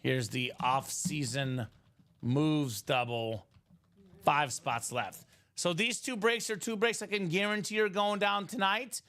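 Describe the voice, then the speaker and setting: A man hosting a live card-break stream, chatting casually and pitching breaks with lots of filler words. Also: fairly even intonation, takes it slowly, bright, forceful tone. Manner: upbeat, chatty, salesy, many "uh" fillers. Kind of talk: casual sales chat on a livestream.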